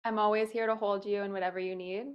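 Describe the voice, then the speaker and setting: A woman's voice: mid-range voice, level tone, fast, clear, resonant tone, muffled recording. Encouraging woman coach on a call. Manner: affirming, encouraging, laughs often. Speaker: coach and membership host. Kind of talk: warm group coaching call chat. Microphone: online call.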